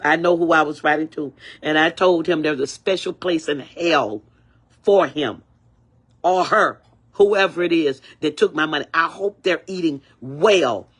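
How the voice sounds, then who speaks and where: An older woman on a livestream, ranting angrily and repeating herself, swearing freely, with a husky voice. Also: fairly low pitch, a bit bright. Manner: angry, repetitive, profane. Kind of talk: angry livestream rant.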